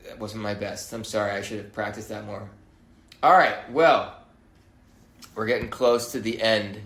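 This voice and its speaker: A man's voice: on the low side, steady tone, moderate pace, fairly bright tone, roomy sound. Wry, musing podcast host, a man. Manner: musing, wry, with frequent hesitations. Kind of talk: solo podcast monologue.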